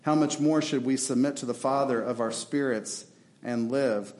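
In an echoey church, a man of medium pitch preaches at a moderate pace, his tone a little mellow. His impassioned sermon plays out prayers and God's answers to them.

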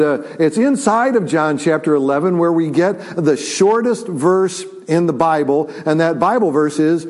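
A male pastor preaching a sermon, retelling a story with many restarts and fillers. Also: darkish tone. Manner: acts out quotes with rising pitch and volume.

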